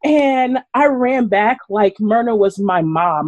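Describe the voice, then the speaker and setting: A woman from Brooklyn, New York, appears as a guest runner on a live video chat, speaking at medium pitch, a little slowly and with few pauses. She tells stories casually, animated and laughing, acting out quoted lines as she goes.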